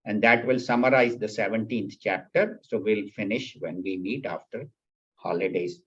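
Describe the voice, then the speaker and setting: A man's voice: on the low side, normal speed, a bit bright, slightly rough, highs cut off. A man teaching a scripture class at a spiritual center, explaining patiently and repeating key points. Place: class at a spiritual center, also on video call.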